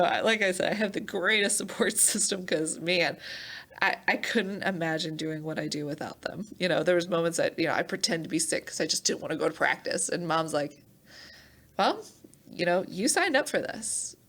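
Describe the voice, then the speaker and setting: A young woman, a champion athlete, telling stories in a casual interview, animated and acting out quoted voices with laughter. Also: lowish voice, a little fast. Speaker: Olympic hammer thrower, podcast guest.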